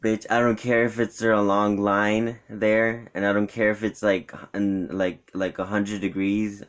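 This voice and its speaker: A young vlogger recounts a day out with friends in a loose, lively way, performing his friends' lines as he goes. His lowish voice is smooth and unhurried.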